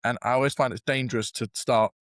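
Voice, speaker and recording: A man's voice: mid-range voice, steady tone, fast, fairly bright tone, no echo. A young British man with a casual, self-deprecating manner, telling a long story in a podcast interview, full of fillers and restarts. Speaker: guest.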